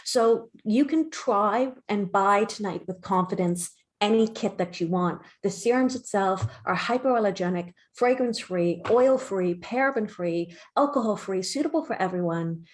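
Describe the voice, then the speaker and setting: Middle-aged woman, skincare show host, enthusiastic pitch. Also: normal speed, few pauses. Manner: enthusiastic, sales-pitch delivery. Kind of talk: live shopping broadcast.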